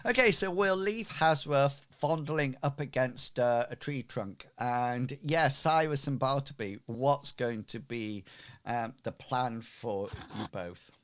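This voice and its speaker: A man narrating a tabletop game as game master, unhurried and full of fillers. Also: medium pitch, fairly bright tone, smooth.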